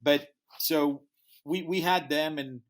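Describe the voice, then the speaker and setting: His voice sits a little high and he takes his time. A music festival founder appearing on a podcast, he speaks English as a second language and animatedly acts out the people in his story.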